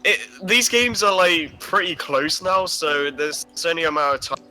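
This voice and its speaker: A man hosting a podcast, talking casually and haltingly, with many restarts. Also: fairly high pitch, animated, sharp tone, soft background music, rough recording. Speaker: podcast host. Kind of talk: casual chat.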